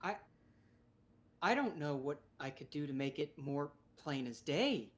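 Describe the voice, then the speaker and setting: A woman's voice: low voice, animated, unhurried. A woman voicing a frightened but defiant mother, pleading and then turning curt. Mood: desperate.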